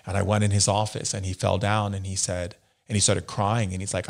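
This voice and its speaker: A man's voice: deep voice, flat delivery, fairly quick, creaky. A man, a guest in an interview, earnestly telling personal stories and acting out what other people said. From United States. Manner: earnest storyteller who acts out other people's words. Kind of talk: personal storytelling in a sit-down interview.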